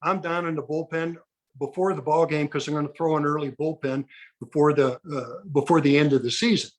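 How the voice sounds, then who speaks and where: This guest is a man in his sixties, once a ball pitcher, who spins lively anecdotes and performs the voices of those he quotes. He speaks briskly, his voice on the high side.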